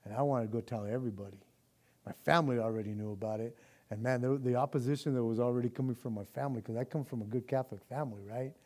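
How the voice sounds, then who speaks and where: A man's voice: mid-range voice, dark tone, husky. A man preaching a sermon as pastor in a casual, slangy way that builds to impassioned intensity.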